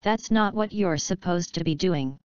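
Indignant sarcastic dead man, snippy and loud, read by a woman, smooth clear tone, dull lo-fi sound. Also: fairly low pitch, moderate pace, no room sound, close to an everyday voice.

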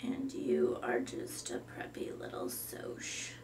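A woman voicing a gloomy goth girl in whispered role-play, flat and deadpan. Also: high-pitched, normal speed, distant mic, close to an everyday voice.

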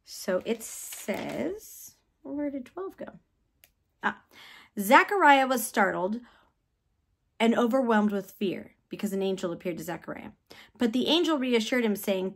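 A woman giving a mid-week church devotion in a conversational way, reading Bible passages aloud and asking her listeners questions. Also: mid-range voice.

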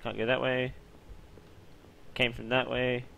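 A man giving loud, jumpy, swearing commentary while playing a horror game. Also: mid-range voice, level tone, takes it slowly, vocal fry, a little hiss or hum. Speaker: gaming YouTuber.

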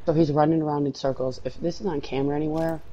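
A man's voice: on the high side, fairly even intonation, racing, dull audio. A man chatting casually while playing a game, swearing constantly and telling a long rambling story. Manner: swears constantly, loud outbursts when losing. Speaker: co-player. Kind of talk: casual gaming chat.

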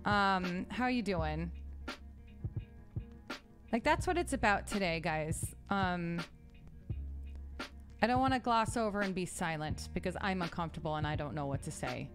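A woman hosting a casual podcast chat, bubbly and quick to laugh, trailing into restarts. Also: on the low side, lively intonation, music in the background. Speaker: podcast host; opera soprano.

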